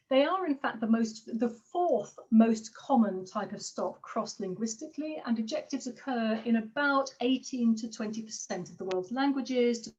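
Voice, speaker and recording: A woman giving an online academic seminar, hesitant, with frequent fillers and quick apologies as she juggles her slides. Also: on the high side, darkish tone, highs cut off. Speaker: linguistics lecturer.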